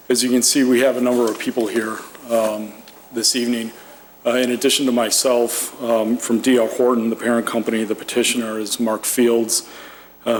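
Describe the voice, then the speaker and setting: Raspy man losing his voice. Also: medium pitch, a little hiss or hum. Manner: steady, with frequent "uh" and "um". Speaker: petitioner presenting a development. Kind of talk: formal public presentation. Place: municipal meeting chamber.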